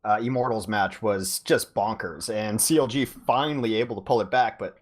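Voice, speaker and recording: A man's voice: on the low side, normal speed. A man co-casting an esports match in a loose, conversational way, with plenty of "you know" and restarts. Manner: conversational, frequent fillers and restarts. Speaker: esports co-caster. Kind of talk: esports commentary.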